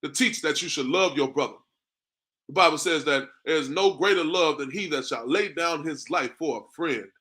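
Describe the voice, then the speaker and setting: A man preaching on scripture, tagging lines with "man" and slowing to a drawn-out cadence when he reads verses. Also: on the high side, bright, forceful tone. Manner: conversational, repeats "man" and "you know what I mean". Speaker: street preacher. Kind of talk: street-corner preaching with scripture reading.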